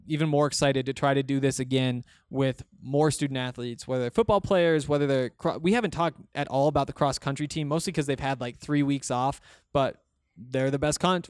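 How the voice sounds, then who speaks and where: A young man with a fairly high, smooth voice, chatting on his own podcast. He rambles along loosely, with plenty of fillers and restarts. The sound is dry and close to the mic. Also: no room sound. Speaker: podcast host. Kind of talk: casual solo podcast, reading listener comments.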